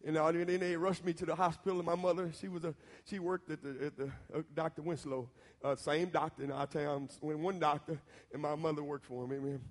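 A man with a Southern American accent who preaches a storytelling sermon. He talks straight to the listeners in a folksy way, and at times his voice builds into shouting. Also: fairly high pitch, fairly even intonation, a little fast, long reverb tail. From Southern United States.

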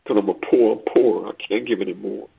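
A man's voice: lowish voice, a little fast, creaky, breathy edge, heavily acted. A man voicing a poor, humble male gardener who speaks apologetically. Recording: tinny phone-like recording.

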